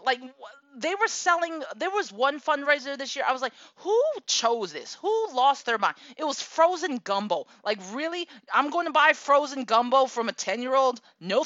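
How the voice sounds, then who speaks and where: A woman in her thirties telling a personal story in a casual, animated way, laughing often and acting out the people she quotes. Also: fairly high pitch, no room sound. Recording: dull lo-fi dry recording.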